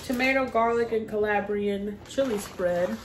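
A woman's voice: medium pitch, moderate pace. A woman casually chatting through a grocery haul, laughing easily and drawing out product names. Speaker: vlogger. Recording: echoey room with noise.

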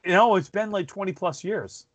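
A man's voice: high voice, normal speed. A man hosting a podcast in casual chat, self-deprecating and rambling with restarts, talking over a video call. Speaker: podcast host.

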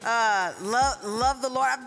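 A woman's voice: fairly high pitch, unhurried, a crowd in the background. A woman speaking fervently in a church testimony style, calling out to the room as she shares. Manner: fervent, with church call-outs. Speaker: church member and podcast leader.

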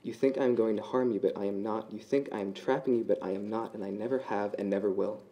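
A man's voice: lowish voice, fairly even intonation, fast, muffled recording, natural voice. Cold spider queen, as a man reads her lines. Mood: calm. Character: calm, possessive female spider.

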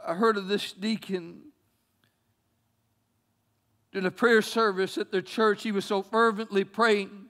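A man with a strikingly high voice delivers a sermon from a church pulpit. He preaches with fervor, stumbling over repeated words as his delivery swells and softens. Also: little pitch movement, unhurried, pauses often. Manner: impassioned preaching with frequent word repeats. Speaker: pastor.

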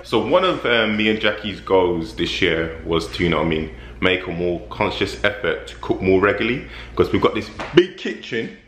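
Man, British accent, lowish voice, laughing banter, echoey room. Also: slight background noise. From Britain. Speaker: co-host. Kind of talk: casual vlog chat and sponsor segment.

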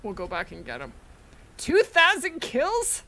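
Bubbly lively woman streamer. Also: high voice, a little slow. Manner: chatty, reads and thanks viewers. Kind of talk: live gameplay stream chat.

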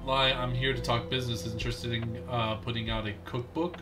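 A man streaming a game, chatting casually with viewers, excitable and laughing often. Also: medium pitch, fairly quick, music in the background. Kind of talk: casual gameplay commentary.

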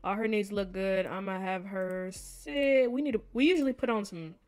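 A woman hosting a gaming video, chatting casually to viewers and reading game text aloud in an expressive way. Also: medium pitch, normal speed. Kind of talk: casual let's-play commentary to viewers.

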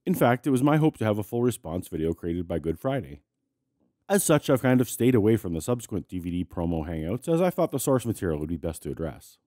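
A man's voice: fairly low pitch, big pitch swings, fast talker, dark tone, no echo. A man hosting a commentary show, who narrates a scripted video in a dry, snarky way while sick and congested. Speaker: host.

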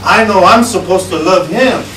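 A man preaching a sermon as a pastor, giving an emotional testimony that swings from loud to hushed. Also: sits high, moderate pace. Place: church hall. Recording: echoey hall with background noise, from a distance.

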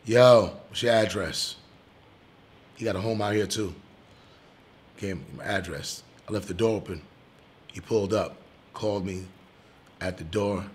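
A male comedian telling a personal story in an interview, animated and casual, swearing now and then and getting loud when excited. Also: low-pitched, normal speed, pauses often, husky.

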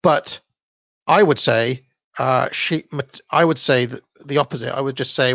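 Man, livestream host, story reading with commentary, gravelly voice, dull dry audio. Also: medium pitch, moderate pace, fairly bright tone, dry recording. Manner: chatty, hesitant, with fillers and laughs. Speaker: channel host.

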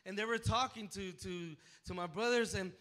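A man preaching a personal testimony to a church, emotional and full of repeated words and restarts, rising to near shouting at the high points. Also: normal speed. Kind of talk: sermon testimony. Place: church sanctuary.

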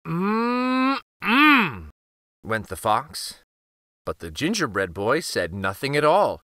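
Male read-aloud host for kids, slow and wildly expressive delivery. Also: lowish voice, no room sound, studio quality. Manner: expressive, animated storytelling. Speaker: children's book reader, host.

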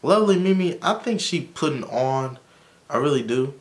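A man's voice: fairly high pitch, animated, moderate pace. Chatty man recapping a TV episode. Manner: chatty, opinionated, many fillers. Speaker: YouTuber reviewing a TV episode.

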